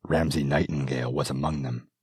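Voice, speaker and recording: A man's voice: very deep voice, fairly even intonation, a little fast, darkish tone, husky, dry recording, studio quality, full character voice. A man voicing a grave young princess regent. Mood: grieving.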